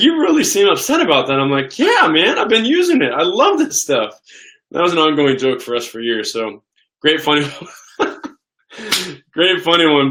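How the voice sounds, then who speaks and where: An excitable man in his thirties chats through a live Q&A, his voice bright and forward. He doubles back on words and restarts sentences as the ideas tumble out, keeping things loose and eager. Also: mid-range voice. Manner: enthusiastic, excitable, repeats words and restarts often. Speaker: host of a live question-and-answer stream. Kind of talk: casual live Q&A chat.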